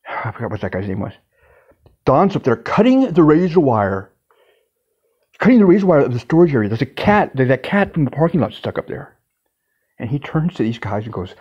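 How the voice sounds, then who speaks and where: A man with a husky voice tells a personal story in a casual, intense way, swearing for emphasis. His pitch sits in an ordinary middle range. The recording sounds slightly dull and lo-fi. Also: sing-song, a little fast, a little mellow.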